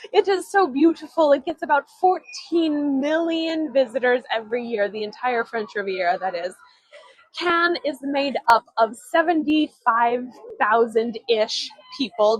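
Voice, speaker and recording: Out on Chicago's streets, a woman from the city hosts a live-streamed walking tour, chatty and prone to giggles, with stories woven in along the way. Her voice is high and slightly rough, captured with no room sound on low-quality audio.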